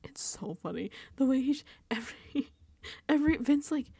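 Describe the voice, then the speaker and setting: A woman's voice: high voice, animated, moderate pace, creaky, warm tone, husky, no echo. A woman giving casual, rambling recap commentary on a reality show, exasperated and swearing freely.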